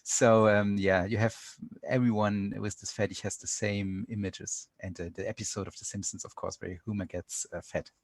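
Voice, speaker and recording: A man with a German accent, a podcast guest answering questions in casual chat with many pauses and restarts. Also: lowish voice, level tone, dry recording. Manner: hesitant, many fillers and restarts.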